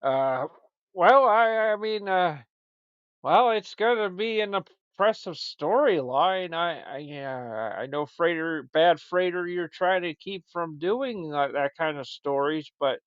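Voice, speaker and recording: Rambling, animated male show host. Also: fairly high pitch, slow pace, clear, resonant tone, no room sound. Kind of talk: comedic podcast chat. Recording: dull, lo-fi dry recording.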